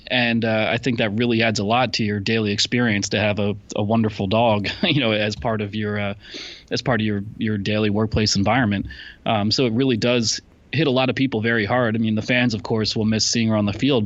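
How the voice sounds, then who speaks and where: A man co-hosting a podcast in casual chat, talking haltingly with many fillers and restarts. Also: lowish voice, dry recording, dull audio. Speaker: podcast co-host.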